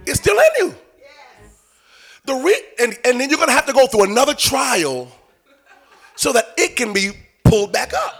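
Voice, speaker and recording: Animated preacher man, high lively voice. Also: husky. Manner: animated preaching, swinging from loud calls to hushed asides. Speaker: pastor. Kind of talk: sermon.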